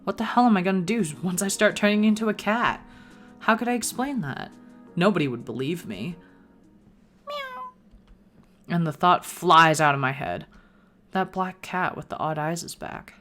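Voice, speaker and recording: Low-voiced woman reading a game aloud. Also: normal speed, a bit bright, soft background music. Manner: narrates in first person with playful asides. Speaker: gaming video creator. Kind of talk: reading a visual novel aloud with commentary.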